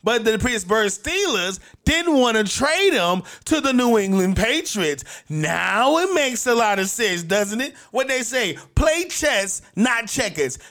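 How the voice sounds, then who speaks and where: A man's voice: high voice, very animated, a little slow, hardly any pauses, a bit bright. A man hosting a sports podcast, giving his football picks in a brash, punchy, repetitive way. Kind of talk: solo sports picks commentary.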